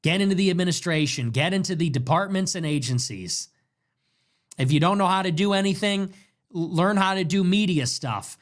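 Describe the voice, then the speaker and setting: Emphatic, high-voiced male commentator. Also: normal speed. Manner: emphatic, repetitive, commanding. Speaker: political livestream host. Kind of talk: monologue commentary.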